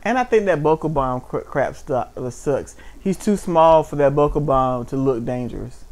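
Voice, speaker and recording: A man's voice: fairly high pitch, animated, normal speed, a little mellow. A man co-hosting a casual wrestling chat, blunt and mocking, with frequent swearing. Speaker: podcast co-host.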